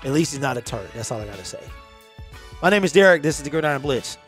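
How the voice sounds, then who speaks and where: A man's voice: mid-range voice, sing-song, fast talker, soft background music. A man in his forties hosting his own sports channel, giving impassioned fan commentary straight to his viewers in a loose, conversational way. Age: 40s. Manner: impassioned, conversational, repeats himself. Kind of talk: casual fan commentary to camera.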